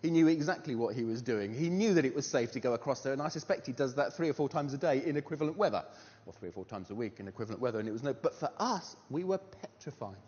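A man preaching a sermon, telling a story and asking animated rhetorical questions with a touch of self-deprecating humour. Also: medium pitch, fast. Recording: dull sound with long hall reverb.

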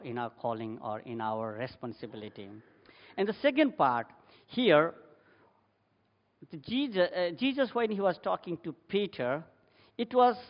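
Man preaching in a reverberant hall. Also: fairly high pitch. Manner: emphatic with rising bursts, many "you know" fillers. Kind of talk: sermon. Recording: dull sound with long hall reverb.

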